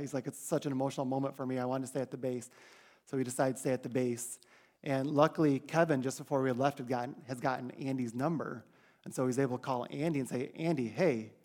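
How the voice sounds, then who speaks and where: Male trip leader, chatty and casual, telling a church crowd about the trip. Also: mid-range voice. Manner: chatty, animated when quoting others. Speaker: mission trip leader giving a church report. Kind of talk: casual storytelling to a congregation.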